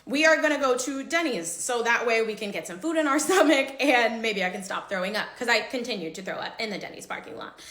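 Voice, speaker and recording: Bright-voiced young woman telling a dramatic story. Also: a little high, brisk, few pauses, echoey room. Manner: animated, dramatic retelling with quoted dialogue. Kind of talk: casual get-ready-with-me storytime.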